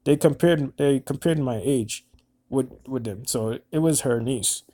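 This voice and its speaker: A man in his twenties telling a personal story in a halting, earnest way, often repeating words. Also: mid-range voice, mellow. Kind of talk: personal monologue recounting events.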